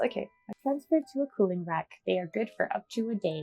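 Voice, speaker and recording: A young woman vlogging her baking, excitable and gasping, swearing and repeating herself, reading recipe steps aloud between outbursts. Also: mid-range voice, moderate pace, gravelly, slightly rough, soft background music. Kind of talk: casual vlog.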